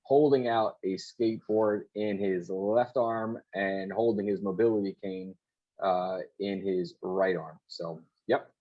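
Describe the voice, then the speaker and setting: A man's voice: sits low, fairly even intonation, a little slow, highs cut off. A man co-hosting an online talk show on a video call, upbeat and encouraging, often repeating his words. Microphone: video call audio.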